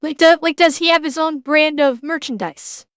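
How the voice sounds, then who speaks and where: A woman's voice: high voice, normal speed, dry recording. A woman streamer reacting to a video, ranting bluntly with heavy swearing.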